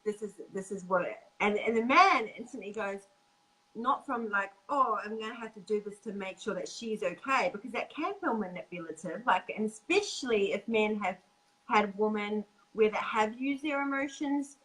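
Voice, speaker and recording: A woman hosting a casual chat about relationships, earnest and quick to laugh, acting out what men say. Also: mid-range voice, expressive, a bit bright, poor audio. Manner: earnest, laughs often, acts out quoted men. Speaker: podcast host.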